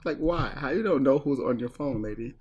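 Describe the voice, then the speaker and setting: A man's voice: medium pitch, expressive, darkish tone, slightly rough, highs cut off. Rambling man recapping wrestling casually. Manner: rambling, stumbling restarts, quick to laugh.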